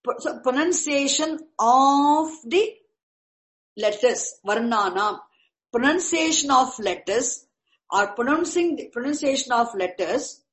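Slow, patient woman teacher. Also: sits high, expressive, rough recording. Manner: patient, repeats and restarts while explaining terms. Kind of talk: lecture on Vedic chanting.

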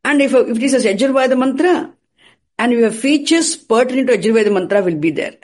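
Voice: mid-range voice, expressive, fast. A teacher giving a classroom lecture, repeating and restarting phrases and posing rhetorical questions before answering them.

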